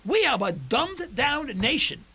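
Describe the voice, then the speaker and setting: A man's voice: very high-pitched, measured pace, rough recording. A man hosting a radio talk show, rambling and opinionated with lots of restarts. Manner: rambling, animated, with many restarts.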